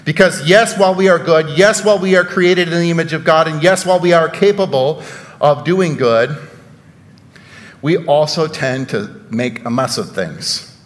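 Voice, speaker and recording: A man's voice: a little high, normal speed. Man, pastor, casual sermon, rhetorical questions, sarcastic asides, long church reverb.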